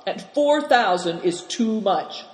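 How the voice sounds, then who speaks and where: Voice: mid-range voice, animated, takes it slowly, voice pushed up. A reader voicing a sly male dealer who whines and haggles in an injured tone in a storybook. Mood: complaining. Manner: wheedling, sly, complaining. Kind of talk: storybook reading. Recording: roomy hall with long reverb.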